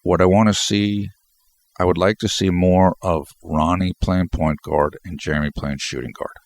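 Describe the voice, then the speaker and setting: A man's voice: deep voice, little pitch movement, normal speed, no room sound. A congested man rambling through a solo basketball post-game commentary, often restarting his sentences. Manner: rambling, repeats words and restarts.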